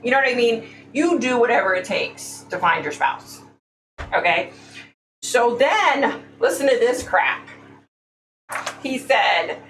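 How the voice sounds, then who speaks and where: A woman's voice: on the high side, animated, slow pace, pauses often, a bit bright. A woman hosting a casual livestream, talking bluntly and speaking her mind. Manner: blunt, opinionated, says "y'all". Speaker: livestream host. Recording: echoey room, faint hum, mic at a distance.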